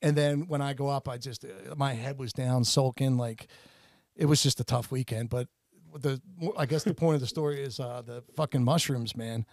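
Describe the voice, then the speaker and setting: A man's voice: medium pitch, fairly even intonation, normal speed, gravelly, no echo, studio quality. A man in his forties, co-hosting a podcast, tells a long story in a rambling way, full of restarts and "like"s. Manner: rambling, self-interrupting, many restarts and "like"s. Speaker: podcast co-host. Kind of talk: casual storytelling chat.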